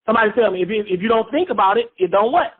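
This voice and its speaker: Over a phone-line radio call on a phone microphone, a Bible teacher leads a call-and-response study, repeating points and questioning listeners. The voice is medium-pitched, expressive, husky, and racing.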